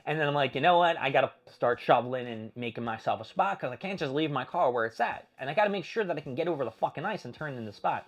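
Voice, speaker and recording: A young man tells a story on his own show in a loose, casual monologue. He is animated and swears freely, and he jumps up into frantic shouts when he acts out the tense moments. His voice sits at an ordinary middle pitch for a man. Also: fast talker, hardly any pauses, muffled recording. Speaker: podcast host.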